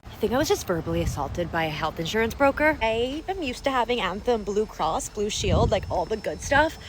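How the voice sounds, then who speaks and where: A young woman rattles through a storytime vlog at a quick clip. She rants with exasperated, profane frustration. Her voice sits at a middling pitch. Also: very animated, a little hiss or hum. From Canada.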